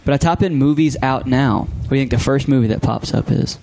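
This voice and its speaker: Mellow-voiced young man joking. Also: mid-range voice, fast talker, creaky. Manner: joking interjections. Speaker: podcast co-host. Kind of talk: casual chat.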